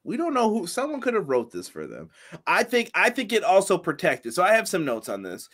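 A man's voice: high-pitched, huge pitch swings, brisk, fairly bright tone. A man co-hosting a casual wrestling review chat, laughing often and reading out viewer comments. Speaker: podcast co-host.

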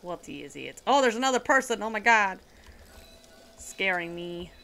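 With soft music in the background, a woman chats casually to her viewers and co-players while gaming live, often giggling and sometimes slipping into a mock accent for fun. Her medium-pitched voice is expressive and pushed-bright, at a moderate pace.

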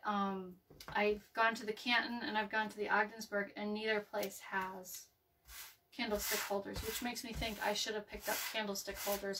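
A woman's voice: mid-range voice, fairly bright tone, distant mic, a little hiss or hum. A woman hosting a casual craft video, rambling and chatty with many ums and restarts as she works. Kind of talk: casual live craft chat. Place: home craft table, indoors.

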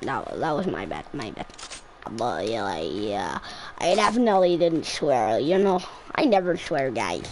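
A woman giving casual gameplay commentary in a loud, trash-talking way, swearing often and flipping between yelling and muttering. Her pitch bounces around a lot, and there is a faint hiss behind her. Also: low-quality recording. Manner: crude, rambling, swears and trash-talks; excitable, quick swings between yelling and muttering. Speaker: gaming streamer.

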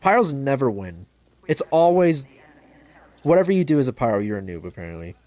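A man casually commenting on a game livestream and reading chat aloud, joking at his own expense and yelping out loud during play. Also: fairly quick. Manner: excitable, bursts into high yelps during play; self-deprecating, joking. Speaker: gaming livestreamer.

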